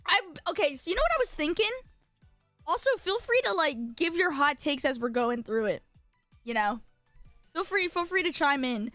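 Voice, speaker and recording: A woman's voice: high-pitched, lively intonation, normal speed, bright, forceful tone, no echo, soft background music. A young adult woman streaming as a VTuber, chatting casually and bubbly with lots of filler words while she designs. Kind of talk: casual live-stream chat.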